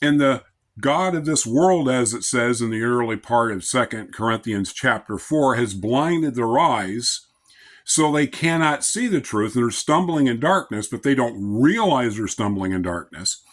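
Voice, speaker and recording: A man giving an informal devotional talk as a Christian lay speaker, in a calm, measured, conversational way. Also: medium pitch.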